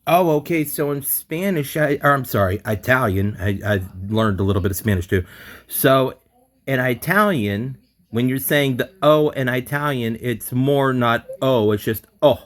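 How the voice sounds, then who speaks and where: A man takes an online language lesson, talking through the rules to himself and saying new words over and over to practice. His voice sits at a middle pitch for a man. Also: normal speed, fairly bright tone. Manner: thinks aloud, repeats words to practice. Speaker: language student.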